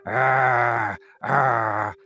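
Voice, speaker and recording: A man voicing a frail, menacing old woman with slow, drawn-out eerie calls. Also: fairly low pitch, steady tone, pushed and bright, faint music behind, exaggerated voice. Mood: screaming.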